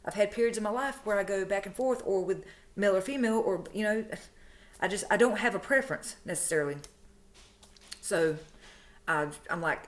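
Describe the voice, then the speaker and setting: Woman, casual storyteller, chatty, frank, animated, mid-pitched. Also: fairly quick, long pauses. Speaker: true crime storyteller, channel host.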